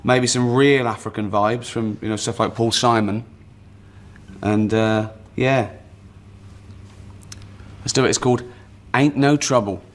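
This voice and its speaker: A man in comedy banter, talking in a dry, rambling, deadpan way. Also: mid-range voice, a little slow, pauses often. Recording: music playing loudly underneath.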